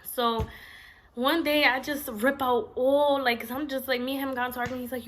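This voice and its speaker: A woman's voice: sits high, flat delivery, a little fast, a bit bright, slight background noise. A woman, telling a long personal story in a blunt, rambling, profane storytime vlog. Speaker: vlogger.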